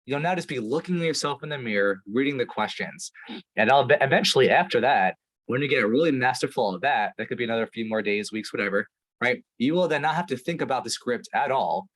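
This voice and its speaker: A man's voice: mid-range voice, lively intonation, quick pace, a bit bright, poor audio. A man coaching a sales team over a video call, talking emphatically with lots of "right?" and "like". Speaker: sales trainer.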